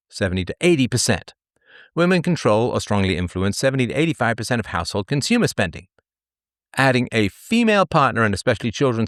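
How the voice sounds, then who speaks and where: A man's voice: medium pitch, fairly bright tone, no room sound, studio quality. A man hosting a livestream monologue, reading statistics and repeating his phrases for emphasis. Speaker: livestream host. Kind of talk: commentary monologue.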